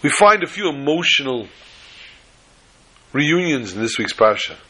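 Bright-voiced animated rabbi teaching. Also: male voice, mid-range voice, unhurried, breathy edge. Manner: animated, acts out quotes, rising to loud exclamations. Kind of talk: Torah lesson with told stories.

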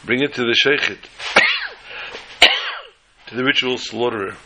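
A man playing a stern, deliberate old rabbi. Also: medium pitch, huge pitch swings, heavy background noise. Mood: instructive. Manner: slow, emphatic, repeating words.

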